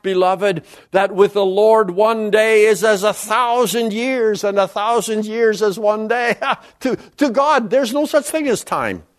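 A man preaching a sermon, reading scripture aloud and commenting on it, with big swings in pitch between passages. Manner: reads scripture aloud with sweeping rises and drops in pitch.

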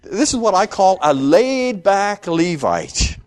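A man teaching through a scripture passage, acting out the characters' lines and often repeating words while thinking aloud. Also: slow. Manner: animated, acts out the characters' lines with rising pitch. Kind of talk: expository Bible teaching.

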